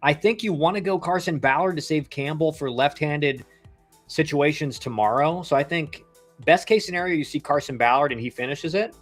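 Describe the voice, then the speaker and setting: Male streamer in his thirties, ex-player, rambling casual game commentary, a touch high-pitched, faint music behind. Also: moderate pace. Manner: chatty and rambling, slangy with lots of "like" and "bro". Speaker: livestream baseball commentator, former pro player.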